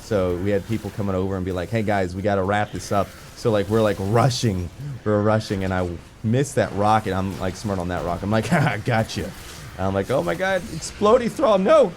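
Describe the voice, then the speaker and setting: A young man giving casual, rambling commentary over his gameplay footage, full of fillers and excited asides. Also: sits low, brisk, slight background noise. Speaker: gaming video creator.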